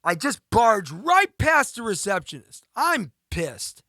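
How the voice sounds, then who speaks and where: A man's voice: high voice, big pitch swings, takes it slowly, sharp tone, dry recording, clean studio sound. A man telling a long story on a talk show, rambling with many fillers and restarts and acting out the voices of the people in it. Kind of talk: animated storytelling.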